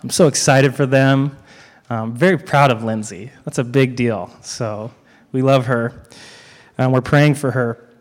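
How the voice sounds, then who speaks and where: A man preaching a sermon as a guest speaker, repeating key lines with dramatic pauses and slipping in joking asides to the congregation. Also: mid-range voice, steady tone, in a large hall.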